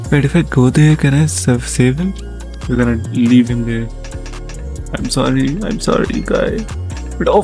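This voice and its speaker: A man giving casual let's-play commentary on his gaming channel, excitable and jokey, often panicking at what happens on screen. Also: mid-range voice.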